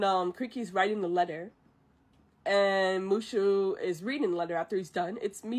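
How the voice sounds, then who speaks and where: Woman streamer, chatty storyteller, animated, laughs often, stops to recall. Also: medium pitch. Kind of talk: reciting a film from memory on a livestream.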